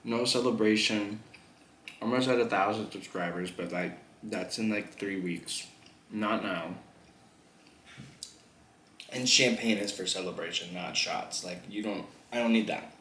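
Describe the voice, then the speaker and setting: A man's voice: lowish voice, unhurried, pauses often, fairly bright tone. A young man vlogging a mukbang, chatting loosely between bites, swearing and laughing often. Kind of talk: casual chat while eating. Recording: echoey room, faint background noise.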